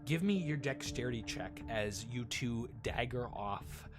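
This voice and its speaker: A man's voice: mid-range voice, expressive, measured pace, hardly any pauses, music in the background. A man narrating as dungeon master, casual and laughing, with frequent fillers. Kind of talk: narrating a tabletop game.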